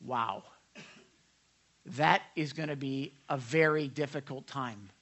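A man's voice: mid-range voice, slow pace, a bit bright. A man preaching as a pastor in an earnest, conversational sermon, with fervent repeated words and frequent "right?" asides to his listeners.

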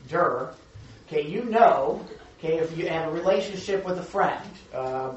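Hoarse, raspy man preaching in a hall. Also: on the high side, lively intonation, moderate pace. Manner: earnest, conversational preaching with many fillers. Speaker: pastor. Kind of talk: sermon. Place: church hall. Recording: echoey hall from a distant mic, dull.

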